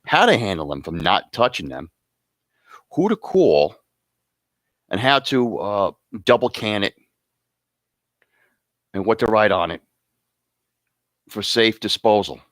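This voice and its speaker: A man's voice: fairly low pitch, no echo. A man hosting an awards show, rambling and joking casually between announcements. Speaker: host presenting awards.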